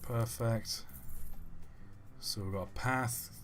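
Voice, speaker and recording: A man's voice: mid-range voice, fairly even intonation, slow pace, fairly bright tone. A man streaming a game live, thinking aloud as he plays and joking with his chat. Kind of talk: live gameplay commentary.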